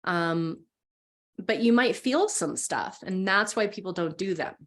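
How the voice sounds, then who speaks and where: A woman's voice: fairly low pitch, expressive, unhurried. A woman guest who teaches spiritual practice, explaining earnestly and encouragingly and voicing inner thoughts as quotes. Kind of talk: explanatory conversation.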